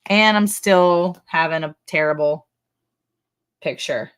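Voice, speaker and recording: A woman's voice: sits low, takes it slowly, clear, resonant tone. A woman hosting a casual ranch livestream, chatty and laughing often as she greets viewers by name.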